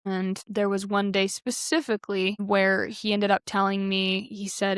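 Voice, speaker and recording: A woman's voice: mid-range voice, flat delivery, measured pace, hardly any pauses, smooth, dry recording, clean studio sound. A woman in her twenties, a podcast guest, earnestly recounting a personal story with lots of "like" fillers. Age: 20s. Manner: earnest, heavy use of "like".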